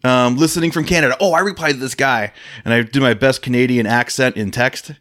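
A man's voice: mid-range voice, fast, fairly bright tone. A man co-hosting a podcast in casual, crude banter, teasing and laughing often as he rambles. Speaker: podcast co-host.

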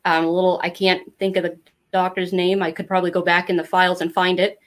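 A woman's voice: on the low side, quick pace. A middle-aged woman talking as an interview guest, telling a personal story in a candid, rambling way and acting out other people's lines. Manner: candid, rambling, animated when quoting others. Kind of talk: casual storytelling.

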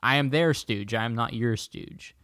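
A man's voice: medium pitch, normal speed, a bit bright, no room sound, studio quality. A man co-hosting a podcast, chatting casually and joking around. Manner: joking, puts on silly impressions. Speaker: podcast co-host. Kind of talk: casual banter.

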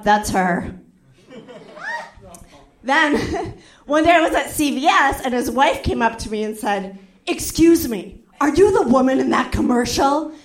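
A young woman doing stand-up, telling a story in a chatty, animated way and acting out the other people's lines. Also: fairly high pitch, echoey room. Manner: animated, acts out quotes with voices, frequent "like". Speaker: stand-up comedian.

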